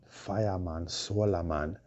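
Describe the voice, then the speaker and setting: A man with a hoarse voice, preaching a proclaiming monologue full of repeated rhetorical questions. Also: low-pitched, fairly even intonation, slow, darkish tone. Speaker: self-styled preacher. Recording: dull lo-fi recording with faint noise.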